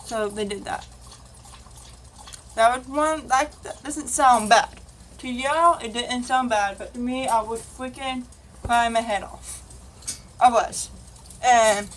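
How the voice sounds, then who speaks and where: A woman's voice: on the high side, a little hiss or hum, low-quality recording. A woman vlogger telling a rambling, casual confessional story and acting out the dialogue. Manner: rambling, acts out quoted dialogue.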